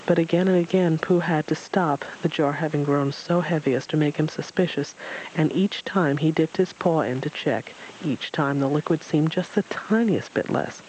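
A narrator reading a children's storybook aloud in a steady, gentle way, with small slips. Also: mid-range voice, moderate pace, slight background noise, low-quality recording.

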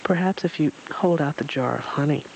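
A reader voicing a calm, gently amused stranger in a storybook. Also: mid-range voice, fairly quick, vocal fry, a little hiss or hum, natural voice, poor audio. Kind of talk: storybook reading.

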